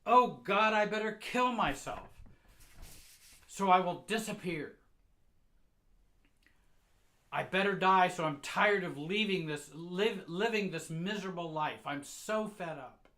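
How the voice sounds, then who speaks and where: Man voicing a middle-aged abusive mother in a spoken story, shrill, screaming, bright and harsh. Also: a little slow. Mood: despairing, shrieking. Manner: shrill, screaming insults and despair.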